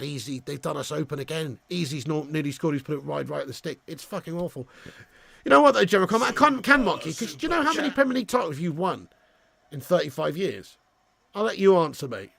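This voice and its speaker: A man hosting a live football watch-along, sweary and ranting, bantering with viewers in the chat and shouting at chances on goal. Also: fairly high pitch, creaky, no echo. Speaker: fan channel host.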